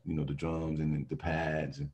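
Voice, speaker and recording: A man who sings in a vocal group, telling animated stories in a casual interview and often laughing. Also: extremely low pitch, moderate pace, husky. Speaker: singer in a vocal group, guest.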